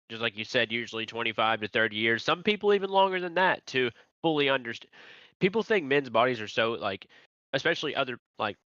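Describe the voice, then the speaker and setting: Man, crude, profane, rambling, bright voice, dry lo-fi sound. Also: mid-range voice, dry recording. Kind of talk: heated casual debate. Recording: dry, dull lo-fi audio.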